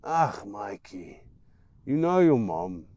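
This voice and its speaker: A man voicing a big, burly, hungover man who is gruff but kind, grunting loudly. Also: on the low side, sing-song, takes it slowly, no echo. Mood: kindly reassuring.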